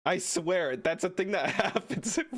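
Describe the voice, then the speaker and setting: Male game streamer, sick and phlegmy, unhurried delivery, very animated pitch. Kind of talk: live game stream commentary.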